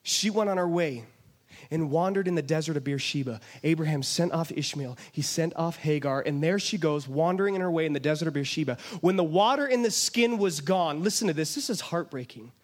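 A man's voice: on the high side, brisk. A man preaching a sermon, retelling a scripture story with emphatic storytelling and acting out the voices of its people. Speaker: pastor.

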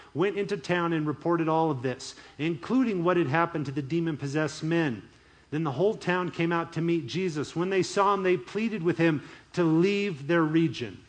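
A man preaching a sermon in an animated, emphatic way. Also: on the high side. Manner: animated, emphatic, chuckles often. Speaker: pastor.

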